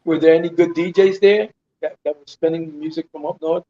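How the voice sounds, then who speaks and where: A man interviewing a guest, asking quick eager follow-up questions. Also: a little high, steady tone, dark tone. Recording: dull lo-fi recording.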